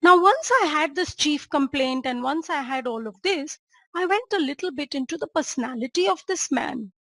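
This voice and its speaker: A high-pitched woman teaches a case as a doctor, keeping her listeners engaged with check-ins and rhetorical questions. The sound is dry and close, with no room echo. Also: expressive, normal speed, fairly bright tone. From India. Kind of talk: lecture presenting a clinical case.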